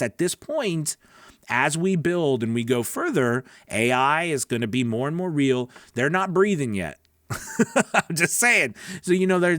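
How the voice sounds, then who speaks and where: A man's voice: on the high side, fairly bright tone, dry recording, clean studio sound. A man coaching voice actors in a casual, earnest teaching talk, chatty and often checking in with "right?". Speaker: voice-over coach.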